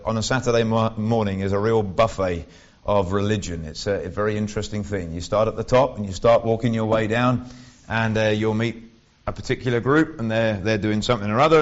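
A man preaching a sermon in a conversational way, with wry asides and frequent restarts. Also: mid-range voice. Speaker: lay preacher. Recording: dull lo-fi recording.

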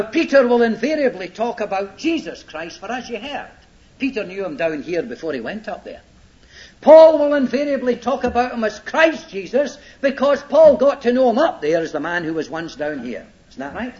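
A man teaching a Bible sermon, emphatic, repeating his points and checking that listeners follow. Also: high voice. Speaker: preacher. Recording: dull lo-fi old sermon tape.

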